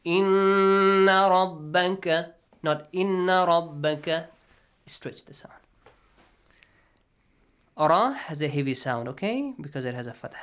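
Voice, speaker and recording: A man's voice: on the high side, lively intonation, a little slow, long pauses, fairly bright tone. A man teaching a classroom tajweed lesson, patiently checking that students follow, often asking "okay?" and dropping into near-whispered asides between recited phrases.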